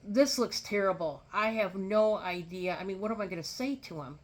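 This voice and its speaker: A woman voicing an embarrassed young woman, fretful, hushed and hurried. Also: mid-range voice, natural voice.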